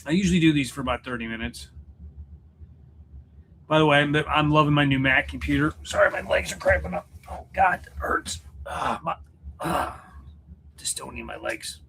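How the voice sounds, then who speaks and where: A man's voice: a little high, moderate pace, creaky, pauses often, bright, forceful tone, a little hiss or hum. A man hosting a casual livestream for his channel, chatting in a rambling, jokey way and often stopping to restart his sentences. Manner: rambling, self-interrupting, joking. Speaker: YouTube channel host and musician. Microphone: computer setup at home.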